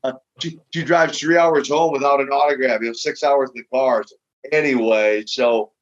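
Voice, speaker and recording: An older man, a guest on an interview show, telling lively stories and often repeating his words as he goes. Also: mid-range voice, normal speed. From Minneapolis, US Midwest. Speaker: guest, retired pro wrestler. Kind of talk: casual storytelling interview. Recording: dull lo-fi audio.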